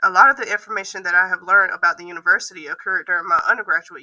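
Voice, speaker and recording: Woman, hoarse, slightly low pitch, very bright tone, reading a prepared reflection. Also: rapid-fire, hardly any pauses, low-quality recording. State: hoarse from losing her voice. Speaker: university admissions processor. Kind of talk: class video reflection.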